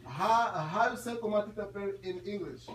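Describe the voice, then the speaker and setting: A man in his twenties giving an animated, laughing talk to students at a school, quizzing his audience. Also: high voice, brisk, over a noisy crowd. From Congo. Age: 20s. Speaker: guest speaker at a school. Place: classroom or school hall. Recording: echoey room audio from far off.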